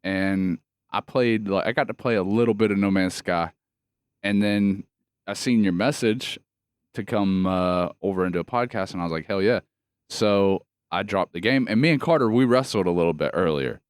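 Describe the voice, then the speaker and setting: A man's voice: fairly low pitch, normal speed, smooth, no room sound, studio quality. Profane, laughing man in his thirties. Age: 30s. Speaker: podcast co-host. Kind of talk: casual chat.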